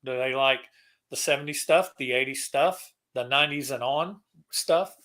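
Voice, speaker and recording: A man's voice: medium pitch, normal speed, sharp tone. A middle-aged man hosting a casual online chat, rambling and often restarting his sentences. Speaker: podcast host.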